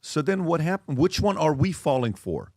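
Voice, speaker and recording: A man's voice: on the high side, sing-song, moderate pace, darkish tone, dry recording, studio quality. A man hosting a podcast panel discussion, earnest and questioning, thinking aloud. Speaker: podcast host.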